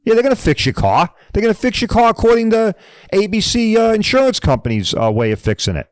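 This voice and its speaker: A man's voice: sits high, big pitch swings, fast, no room sound, low-quality recording. Blunt, profane middle-aged man ranting. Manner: repeats points for emphasis and keeps asking "all right?". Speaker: podcast host. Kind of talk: ranting podcast monologue.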